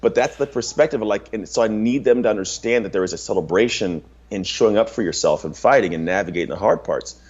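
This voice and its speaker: A man's voice: lowish voice, quick pace, few pauses, a little mellow, husky, dull audio. A man in his thirties talking bluntly and emphatically as an interview guest, with lots of casual filler and swearing. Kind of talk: candid interview talk.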